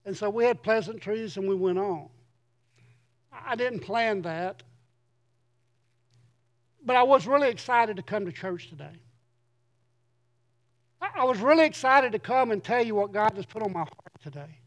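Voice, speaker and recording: A middle-aged man, a pastor, preaching a sermon in an earnest way and reading scripture slowly with emphasis. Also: high voice, expressive.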